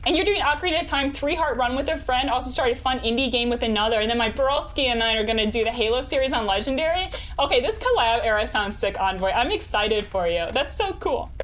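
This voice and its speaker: A young woman, chatting casually with her live chat while gaming, bubbly and quick to laugh. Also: a little high, animated, fairly bright tone. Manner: bubbly, laughs often, reads chat aloud. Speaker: streamer.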